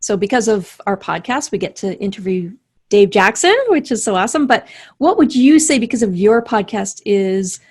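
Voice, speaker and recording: A woman's voice: medium pitch, expressive, normal speed, breathy edge. A woman hosting a podcast, asking questions and reacting with short encouraging sounds. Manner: warm back-channel, laughs and short reactions. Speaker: podcast host. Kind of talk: casual interview.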